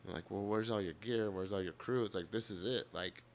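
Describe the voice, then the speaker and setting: A man's voice: low voice, fairly quick. A man telling a long road story on a podcast, casual, full of swearing, acting out what people said. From United States. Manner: animated, swears a lot, acts out quotes. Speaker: podcast guest, drummer.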